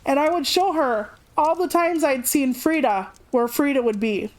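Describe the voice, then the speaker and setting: A young adult woman streamer casually telling a personal story, chatty and animated, raising her voice to act out what others said. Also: moderate pace. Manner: chatty, animated, acts out quotes with raised pitch.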